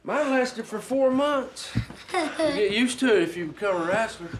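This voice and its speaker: A man playing a boastful, rough former wrestler who needles a teenager with playful taunts, in a film drama. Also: extremely high pitch, animated, moderate pace, a little hiss or hum. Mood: taunting.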